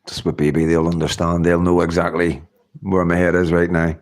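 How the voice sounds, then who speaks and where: A man's voice: low-pitched, flat delivery, brisk, a little mellow. A middle-aged man hosting a casual livestream, chatting in a rambling way and laughing often. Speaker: livestream host. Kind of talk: casual live-stream chat.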